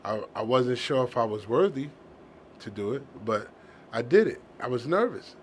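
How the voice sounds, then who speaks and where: A man's voice: mid-range voice, very animated, normal speed, slight background noise. A middle-aged man hosting a heartfelt casual conversation, earnest and sentimental, often restarting his sentences.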